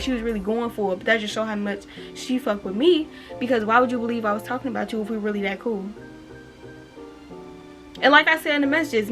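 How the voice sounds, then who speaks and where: A young woman, telling a storytime on her vlog in an animated way, swearing freely and reading text messages aloud. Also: a little high. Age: 20s. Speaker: vlogger. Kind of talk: casual storytime.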